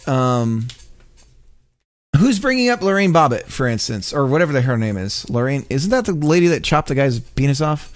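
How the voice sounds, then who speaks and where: A man chatting casually on a live coding stream, rambling, laughing often and swearing freely. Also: on the high side. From United States. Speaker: game dev streamer.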